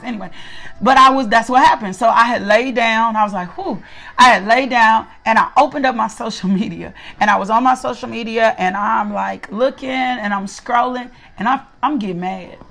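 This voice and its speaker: A middle-aged woman preaching in a relaxed, conversational way, with a voice pitched a little high. She repeats her points for emphasis and keeps asking the listeners to answer her. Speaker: Bible study teacher. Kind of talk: conversational sermon.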